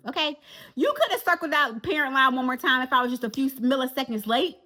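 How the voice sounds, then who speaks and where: A woman, telling an animated storytime straight to her viewers. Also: sits high, moderate pace. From Jacksonville, Florida. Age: 40s. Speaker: vlogger. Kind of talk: storytime vlog.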